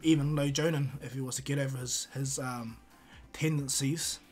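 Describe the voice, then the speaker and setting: A man's voice: medium pitch, steady tone, moderate pace, a little mellow, slightly rough, faint music behind. Rambling male fan-story teller. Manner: rambling, many restarts and fillers. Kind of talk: casual improvised fan-fiction narration.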